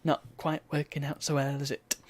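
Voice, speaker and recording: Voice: medium pitch, monotone, normal speed, dry recording. A streamer, chatting wryly and reading game text aloud while playing a retro game. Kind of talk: let's play commentary.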